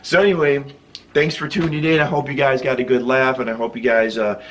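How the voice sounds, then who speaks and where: A man's voice: mid-range voice, fairly even intonation, brisk, fairly bright tone, slight background noise. A man hosting his own vlog, telling a loose, rambling story and chuckling often as he goes. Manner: loose and rambling, with many restarts and fillers. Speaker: channel host.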